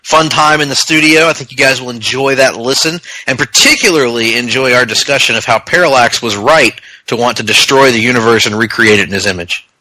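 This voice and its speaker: A man's voice: mid-range voice, a little fast, few pauses, pushed and bright, rough recording. A man co-hosting a casual comic book podcast, rambling and joking as he riffs into silly bits. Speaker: podcast co-host.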